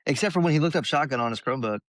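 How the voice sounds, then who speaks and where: A young man on a podcast, telling a story in a casual, animated way and acting out people's voices. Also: on the high side, very fast, dry recording. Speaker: podcast guest.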